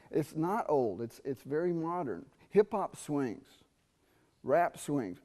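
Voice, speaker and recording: Middle-aged man teaching a trumpet masterclass. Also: on the high side. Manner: animated, sings rhythms and asks students quick questions. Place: university theatre.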